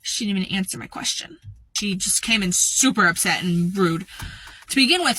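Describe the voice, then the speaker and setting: Bright, chatty young woman telling a story. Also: medium pitch, very animated, moderate pace. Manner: casual and rambling, full of fillers like "like" and "um". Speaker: retail worker. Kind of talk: storytime vlog.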